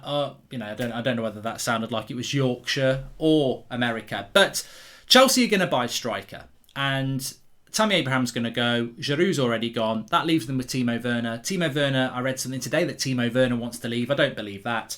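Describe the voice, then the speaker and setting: Animated man hosting football talk. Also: medium pitch, fairly quick. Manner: animated, opinionated, thinking aloud. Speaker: football channel host.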